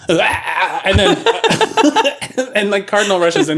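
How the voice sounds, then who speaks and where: A man's voice: sits high, big pitch swings, slow, fairly bright tone. A young man co-hosting a comedy podcast, improvising a rambling story and laughing as he acts out the characters. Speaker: podcast co-host.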